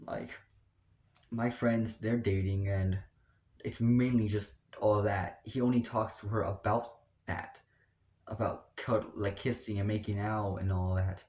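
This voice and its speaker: A man's voice: fairly low pitch, fairly even intonation, a little slow, darkish tone. A young man ranting casually to camera, rambling with many restarts and fillers. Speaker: vlogger. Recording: roomy echo.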